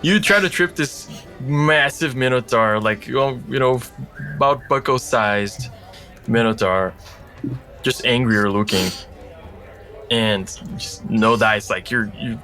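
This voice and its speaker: A man's voice: medium pitch, measured pace, pushed and bright, soft background music. A man narrating as game master of a tabletop game, in loose, chatty talk with many fillers.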